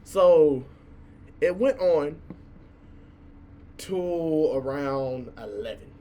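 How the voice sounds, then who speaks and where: A young man in his twenties, a college student vlogger, telling a story in a casual, animated rant, swearing freely and stumbling over repeated words. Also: on the high side, extremely slow.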